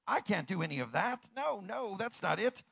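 A man's voice: high voice, big pitch swings, moderate pace, gravelly, a bit bright, husky, no echo, clean studio sound, pitched above the performer's own voice, heavily acted. A man preacher acting out a flustered male apostle who keeps refusing, in pleading, emphatic bursts. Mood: protesting.

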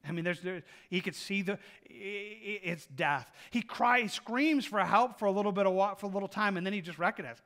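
A male pastor preaching a sermon with lively delivery, acting out little scenes of people praying and God answering. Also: sits high, fairly quick. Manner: animated preaching, acts out voices of people praying.

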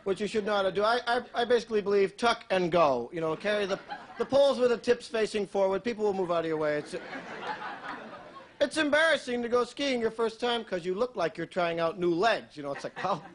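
A man performing a stand-up routine on a TV stage, telling dark jokes in a dry, offhand way and tagging lines with "you know.". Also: sits high, animated, brisk, a little hiss or hum. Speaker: stand-up comedian. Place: television studio stage with a live audience. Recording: 1980s TV broadcast with audience laughter.

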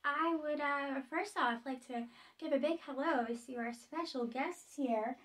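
Bubbly high-voiced woman in her thirties. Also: measured pace, distant mic. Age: 30s. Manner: bubbly, excitable, rambling. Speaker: vlogger. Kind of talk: casual unboxing vlog.

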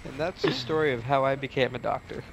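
A man's voice: medium pitch, quick pace, slight background noise. A young man hosting a casual gaming session, trading jokes and mock-serious asides with a friend. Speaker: gaming channel host.

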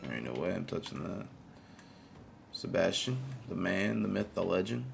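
Gravelly-voiced male game streamer. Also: low-pitched, expressive, normal speed, soft background music. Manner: greets viewers and reacts to gameplay. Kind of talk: casual live-stream gaming chat.

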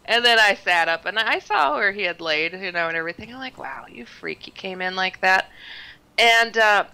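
Woman guest telling a spooky story, smooth clear voice, does little voices for people. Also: mid-range voice, normal speed, rough recording. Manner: animated storyteller, acts out quoted voices. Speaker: guest author. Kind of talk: telling a personal story on a talk show.

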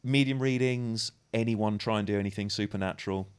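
A man's voice: lowish voice, fairly quick, clear, resonant tone. Dry wry man on a podcast. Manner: dry, wry, reads articles aloud mockingly. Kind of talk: casual podcast banter.

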